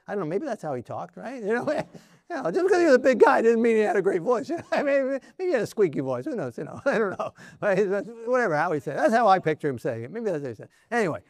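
A man's voice: sits high, very animated, fast, dry recording, clean studio sound. A man preaching a sermon in a conversational way, often checking in with "right?" and small laughs.

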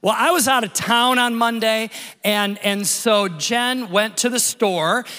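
A middle-aged man, a pastor, giving a lively, conversational Easter sermon with jokes and stories. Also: high-pitched, measured pace. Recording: long hall reverb.

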